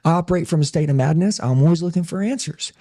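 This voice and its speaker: A man's voice: a little high, quick pace, warm tone. A man talking intensely and emphatically in a casual podcast conversation, sharing his story as a business owner. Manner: intense, emphatic, says "dude" a lot.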